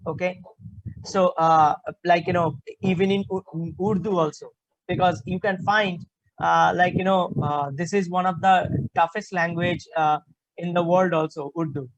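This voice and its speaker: A woman with a Bengali-tinged Indian English accent teaches a class over a video call, her voice sitting a little low for a woman. She talks in halting stretches, filling the gaps with "uh" and "you know." The sound is dry and close, with no room around it. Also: fairly even intonation, dry recording, lo-fi sound. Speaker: communication skills trainer. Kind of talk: online class lecture.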